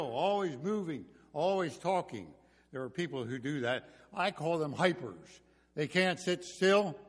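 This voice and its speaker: An older man preaching a sermon in a church, telling homespun stories with gentle jokes. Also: medium pitch. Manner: folksy storytelling with jokes. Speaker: pastor. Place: church sanctuary. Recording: reverberant church hall.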